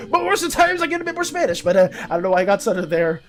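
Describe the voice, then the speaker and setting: A woman artist streamer chatting casually on a live stream, animated and chatty as she greets and thanks viewers. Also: high voice, quick pace, hardly any pauses, over music.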